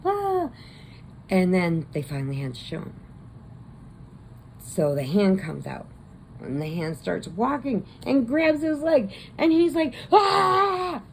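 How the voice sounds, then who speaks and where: Woman, gravelly and low-pitched, casual rambling storyteller, crochet-channel host. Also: expressive, warm tone, slight background noise, rough recording. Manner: rambling, with quick put-on voices. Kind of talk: casual movie retelling.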